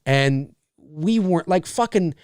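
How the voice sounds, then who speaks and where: A man hosting a casual live stream, chatting in an animated way with many fillers and mock voices. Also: a little high, slow, smooth, dry recording, studio quality. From Canada. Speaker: live show host answering questions.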